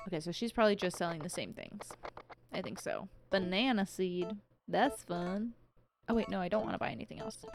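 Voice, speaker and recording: A woman's voice: lowish voice, animated, normal speed, vocal fry, soft background music. A young woman streaming a farming game, chatting casually and thinking aloud as she plays. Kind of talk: casual gameplay commentary.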